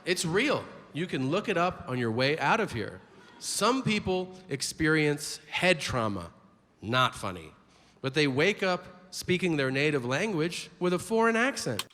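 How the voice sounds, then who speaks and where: A man's voice: fairly high pitch, sing-song, measured pace, pushed and bright. A man doing a crude, mock-indignant stand-up comedy set. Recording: live stand-up in a big hall with noise.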